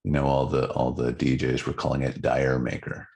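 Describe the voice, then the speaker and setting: A middle-aged man co-hosting a podcast about records, telling stories and trivia about a band in casual, animated chat. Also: extremely low pitch, normal speed. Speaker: podcast co-host.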